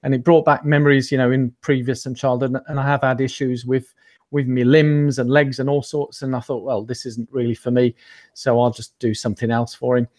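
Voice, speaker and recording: A man's voice: mid-range voice, little pitch movement, brisk, a little mellow. A man telling his story as an interview guest in a rambling, self-deprecating way, with many ums and restarts. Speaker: interview guest, amateur runner. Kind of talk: casual storytelling chat.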